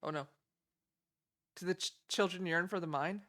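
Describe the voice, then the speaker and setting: A woman's voice: fairly low pitch, moderate pace, fairly bright tone. Chatty, giggly young woman streamer. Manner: chatty, giggly, easily delighted. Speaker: streamer reacting to game trailers. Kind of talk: casual live-stream reaction chat.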